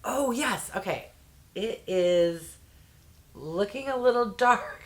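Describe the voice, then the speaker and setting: A woman reviewing a beauty subscription box in a candid, chatty way with quick exclamations. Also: a little high. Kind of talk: casual unboxing chat.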